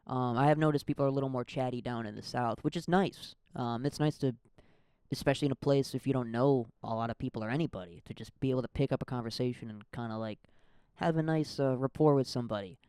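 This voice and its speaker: A man's voice: mid-range voice, fast talker, a little mellow, clean tone, no room sound, studio quality. A young man from the American Midwest hosting a casual solo podcast, rambling and self-deprecating with lots of fillers. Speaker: podcast host.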